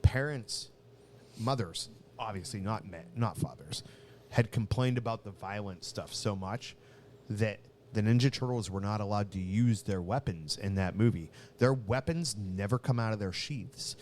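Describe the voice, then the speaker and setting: A man's voice: lowish voice, normal speed, a little mellow, slight background noise. A man co-hosting a podcast, telling rambling stories in casual chat. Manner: rambling storyteller, acts out quoted voices. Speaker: podcast co-host.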